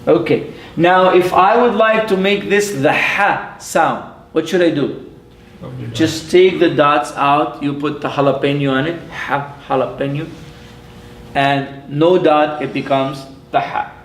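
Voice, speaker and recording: Man, imam, classroom lesson, unhurried, patient, playful, reverberant room. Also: fairly high pitch. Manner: patient, playful, repeats sounds slowly. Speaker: imam teaching Arabic. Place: mosque classroom. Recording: echoey room.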